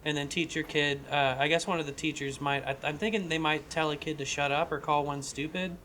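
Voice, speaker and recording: A man co-hosting a podcast, casually pitching a comedy script with profanity and lots of restarts. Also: steady tone, fairly quick, background noise. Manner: rambling, profane, frequent restarts. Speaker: podcast co-host.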